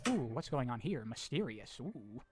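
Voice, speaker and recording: A man briskly recapping a game's story with blunt, sarcastic commentary and casual swearing. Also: mid-range voice, sing-song. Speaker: video essayist narrating a story recap.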